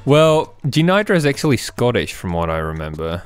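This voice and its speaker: A man with an Irish accent chatting casually while playing a retro game, cursing and shouting at it. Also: medium pitch, fairly quick, faint music behind. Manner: sweary, excitable outbursts while playing. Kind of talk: casual gaming chat.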